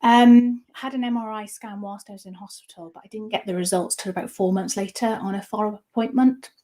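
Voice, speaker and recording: A woman's voice: medium pitch, fairly even intonation, dark tone. Candid woman telling her story. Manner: candid, halting, with frequent restarts. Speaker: interview guest. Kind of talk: personal storytelling in an interview.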